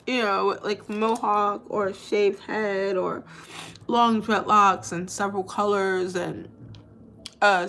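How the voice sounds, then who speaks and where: A woman in her thirties with a mid-range, slightly bright voice chats casually to her vlog viewers, rambling and playful, full of "like" and restarts. There's a little hiss or hum in the recording.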